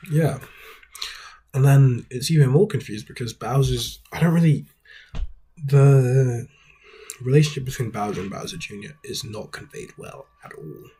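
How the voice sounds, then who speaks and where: A man's voice: medium pitch, measured pace, long pauses, mellow, husky. A man hosting a video essay, giving casual critical commentary in a wry, rambling way.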